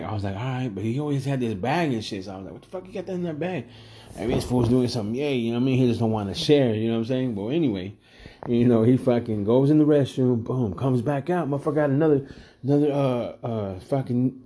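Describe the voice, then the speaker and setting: A man's voice: medium pitch, dark tone. A middle-aged man telling stories in a casual, profane, slangy way, laughing as he goes. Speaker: storyteller. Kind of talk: casual storytelling.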